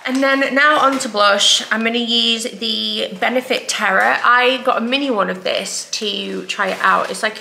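Bright, gravelly woman chatting. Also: mid-range voice, slight background noise. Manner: chatty, rambling, self-deprecating. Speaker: vlogger, mum. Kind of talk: casual get-ready-with-me makeup chat. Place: home, morning.

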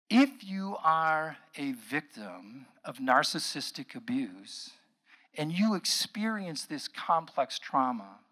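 A middle-aged man, a psychologist, giving an earnest public lecture that moves between quiet asides and emphatic passages. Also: medium pitch. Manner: earnest, shifting from soft asides to emphatic outbursts.

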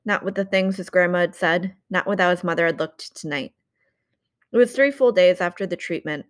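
Woman reading an audiobook aloud. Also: lowish voice. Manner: measured, expressive reading. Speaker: audiobook reader. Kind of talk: audiobook narration.

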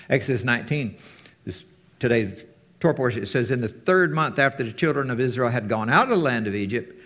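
Male preacher, mid-pitched, chatty teaching tone, jumps up high when acting out quotes. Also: a bit bright. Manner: conversational, acts out quotes with big pitch jumps. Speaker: teacher of a fellowship. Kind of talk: casual sermon.

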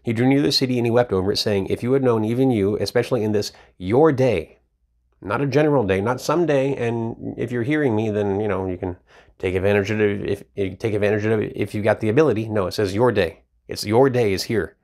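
A man's voice: fairly low pitch, quick pace, a little mellow. A man teaching from the Bible in a casual, emphatic way, often repeating words as he reads and explains verses. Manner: emphatic, repeats words while reading scripture.

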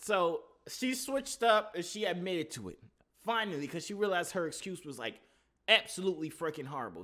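Man, high-pitched, lively, slangy, mocking, casual reaction commentary. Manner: slangy, animated, mocking, repeats "you know what I'm saying". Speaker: reaction video host.

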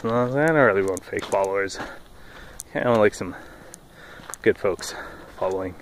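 Man vlogger, lower voice, casual rambling jokester talking mid-walk outdoors. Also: a little fast, long pauses, a little hiss or hum, poor audio. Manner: rambling, jokey storytelling; talking while walking outdoors. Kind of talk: casual vlog while walking. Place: outdoors on a path.

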